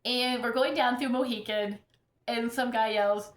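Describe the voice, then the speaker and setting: In an echoey room, a middle-aged woman with a voice on the high side talks about her houseplants in a steady, unhurried tone. Recovering from illness, this vlogger rambles casually in her plant-filled home and laughs often.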